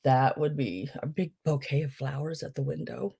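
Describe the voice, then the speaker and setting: A woman's voice: rumbling low, steady tone, normal speed, vocal fry, mellow, slightly rough. A middle-aged woman hosting a casual live-stream sale, chatting with viewers and greeting them by name, with lots of fillers and restarts. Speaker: online live-sale seller.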